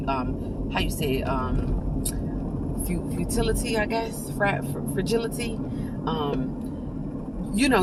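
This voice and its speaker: A woman's voice: deep voice, very noisy. A woman giving an informal devotional talk, fervent and conversational, often restarting and turning to her listeners. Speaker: preacher sharing an encouraging message with viewers.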